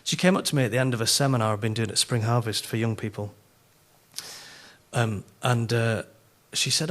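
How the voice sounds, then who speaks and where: At a moderate pace and a typical middle pitch, a middle-aged speaker from Yorkshire preaches at a conference. He weaves comic stories into the sermon, animated and self-deprecating throughout.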